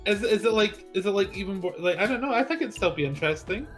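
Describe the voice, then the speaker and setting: A man's voice: sits high, animated, fast talker, fairly bright tone, soft background music. A man co-streaming a game, chatting casually and picking apart the plot's logic while chuckling often. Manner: critical, picks apart plot logic. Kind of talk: casual chat.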